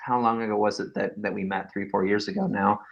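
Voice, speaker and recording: A man in his thirties talks on a video call webinar, telling stories in an animated way and laughing often. His sound is a bit dull and lo-fi. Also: on the low side, fast talker, vocal fry. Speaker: webinar co-host, author. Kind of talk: casual webinar chat.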